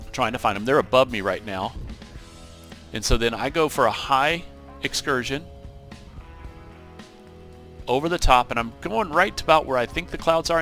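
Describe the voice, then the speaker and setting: A man with a bright, forward voice talks through recorded flight-sim footage in a loose, chatty way. He tells the story with animation, jumping up to act out the radio calls, and a faint bed of music sits underneath. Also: mid-range voice. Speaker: gaming channel host. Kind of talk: casual gameplay commentary.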